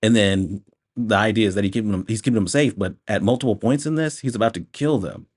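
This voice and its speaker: A man talks through a movie review in a relaxed, unscripted way. His voice sits on the low side. He rants with plenty of profanity and breaks often into laughter. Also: quick pace, slightly rough. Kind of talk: casual spoken movie review.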